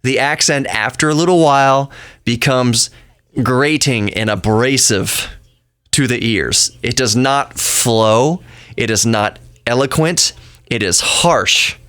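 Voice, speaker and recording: A man hosts a podcast in a casual, opinionated monologue. He rambles and breaks into his own sentences with chatty asides. His voice sits at an everyday middle pitch and sounds dry, with no room around it. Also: slow, fairly bright tone, no echo. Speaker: podcast host.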